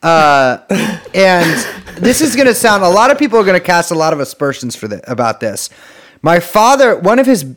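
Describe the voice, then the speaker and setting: A podcast co-host chatting casually with a sardonic, rambling manner and frequent laughter. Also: male voice, high voice, very animated, normal speed, fairly bright tone. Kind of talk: casual chat.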